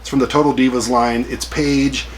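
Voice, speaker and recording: A man's voice: mid-range voice, flat delivery, moderate pace, a little hiss or hum. A man in his forties hosting a collecting vlog, chatty and jokey with self-deprecating asides. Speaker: collector vlogger. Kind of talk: casual rambling vlog.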